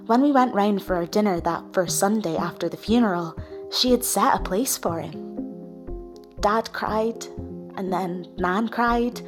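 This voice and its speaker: A woman gently reading a first-person storybook as a child narrator. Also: medium pitch, unhurried, over music. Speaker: audiobook reader.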